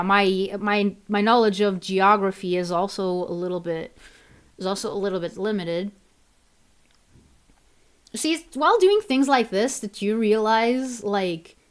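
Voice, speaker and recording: A woman chatting casually on a stream, rambling with many restarts and easy laughs. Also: medium pitch. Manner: rambling, restarts often, laughs easily, switches to Portuguese. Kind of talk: casual chat while worldbuilding.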